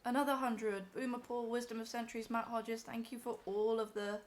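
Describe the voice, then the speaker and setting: A woman's voice: fairly high pitch, little pitch movement, a little fast. A young woman on a live stream, emotional and teary as she talks to her chat from home.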